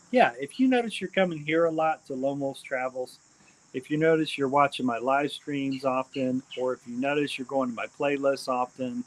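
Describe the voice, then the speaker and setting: A man hosting a casual live stream, rambling and repeating his shout-outs with many ums and uhs. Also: mid-range voice, rough recording. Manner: hesitant, frequent ums and uhs.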